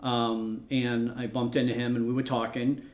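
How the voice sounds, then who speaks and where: A man's voice: medium pitch, flat delivery, moderate pace, phone-quality sound. A man, a photojournalist, telling a long anecdote in a documentary interview, rambling with restarts and acting out the lines of people he quotes. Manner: acts out quoted dialogue in his retelling. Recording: roomy echo.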